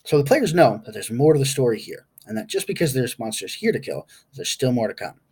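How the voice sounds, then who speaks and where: A man's voice: mid-range voice, big pitch swings, a little fast, a little mellow, breathy edge. A man game master giving a casual, rambling recap of his tabletop session, stopping now and then to recall names aloud.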